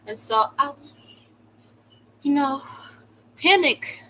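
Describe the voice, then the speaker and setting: Animated young woman telling a story. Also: high-pitched, slow, slight background noise, low-quality recording. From United States. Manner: animated, slangy, swings into loud exclamations. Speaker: vlogger. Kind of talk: casual storytime.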